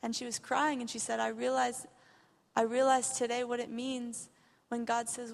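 A woman's voice: a little high, little pitch movement, moderate pace, gravelly. Earnest young woman preaching in a hall. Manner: earnest, builds to impassioned. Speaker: missionary speaker. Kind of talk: testimony sermon. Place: church hall.

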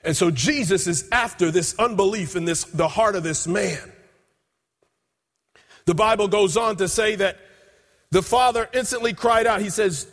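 Man, sermon, high husky voice, emphatic scripture storytelling, long hall reverb. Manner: emphatic storytelling preacher, quoting scripture with drawn-out pauses. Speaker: preacher.

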